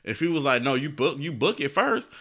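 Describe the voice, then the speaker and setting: A man co-hosting a casual podcast, animated and quick to laugh, with his voice jumping high when he makes a point. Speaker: podcast co-host. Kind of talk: casual chat.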